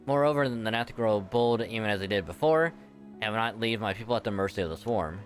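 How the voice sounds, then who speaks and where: A man's voice: fairly low pitch, animated, a little fast, soft background music, natural voice. A man voicing an ancient, regal female dragon from a game, speaking in stately archaic words. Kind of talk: reading game dialogue aloud.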